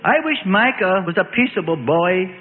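A man's voice: high voice, lively intonation, normal speed. A man voicing a weary mother confiding about her stubborn son, on a tinny, echoing recording. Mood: resigned. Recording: tinny phone-like line with long reverb.

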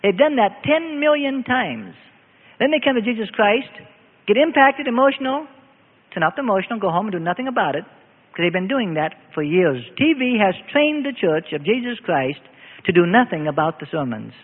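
An older man preaching a sermon as pastor, swinging from low, quiet asides up to loud, emphatic declarations. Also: big pitch swings, normal speed. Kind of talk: evening sermon. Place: church hall. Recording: echoey hall, thin phone-like sound.

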